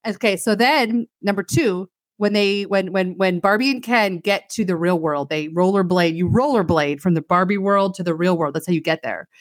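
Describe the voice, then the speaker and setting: In a lowish voice at a moderate pace, barely pausing, this woman co-hosts a podcast and gives a sardonic, chatty recap of a movie. She performs the quoted lines and drops "like" again and again, all captured in a dry, clean studio recording.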